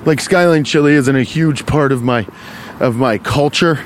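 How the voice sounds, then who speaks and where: A man hosting a comedy podcast, rambling through an improvised, profane, deadpan bit while walking along a street. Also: medium pitch, moderate pace. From Cincinnati, US. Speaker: podcast host. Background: faint traffic.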